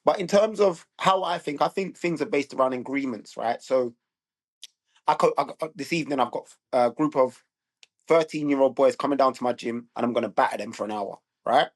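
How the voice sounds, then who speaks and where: A man's voice: mid-range voice, brisk. A man, a former footballer turned youth coach, talking bluntly and emphatically on a podcast and often checking in with "right?". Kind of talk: casual podcast conversation.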